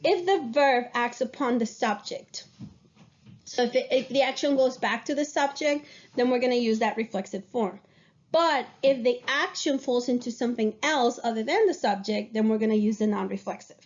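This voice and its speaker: A woman's voice: on the high side, moderate pace, lo-fi sound. A woman teaching Spanish grammar to a class, explaining patiently and checking in with her students.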